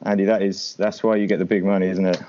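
Hesitant low-voiced man, lo-fi audio. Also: little pitch movement, quick pace, dark tone. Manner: hesitant, lots of ums and restarts. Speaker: podcast co-host. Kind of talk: casual podcast chat.

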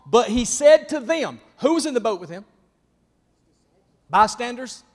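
A man preaching a sermon in a church, swinging from loud emphasis to soft whispers and calling out to listeners by name. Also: high-pitched, in a large hall. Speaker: pastor.

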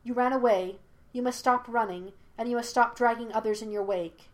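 A woman voicing the stern, cool spirit of an old man who was a past Avatar, lecturing in measured tones. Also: a little high, fairly even intonation, close to an everyday voice.

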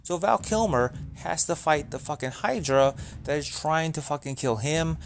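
A man's voice: fairly high pitch, moderate pace, vocal fry, a little hiss or hum. Rambling, profane man recapping a movie. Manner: rambling, profane, filler-heavy. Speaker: podcast host.

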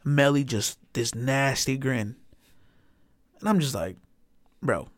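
A man telling a story in casual chat, animated and swearing often, with lots of filler words. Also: mid-range voice, slow pace, dry recording, clean studio sound.

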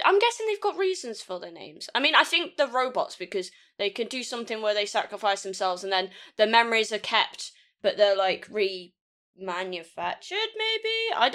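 A woman's voice: on the high side, very animated, a little fast, sharp tone. Chatty woman co-hosting a podcast. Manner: chatty, rambling, laughs often. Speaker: podcast co-host. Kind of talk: casual chat.

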